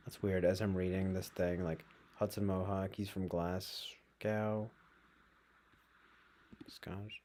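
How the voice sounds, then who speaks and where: A man's voice: steady tone, unhurried, a little mellow, slight background noise. A man streaming live, reading news aloud and reacting with casual, sarcastic commentary. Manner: sarcastic, swings into mocking high voices.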